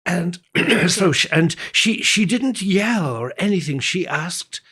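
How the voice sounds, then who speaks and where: A man from Ireland, a guest pianist, telling childhood stories in an interview with lively quoted voices. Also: sits high, slow, husky. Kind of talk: storytelling in an interview.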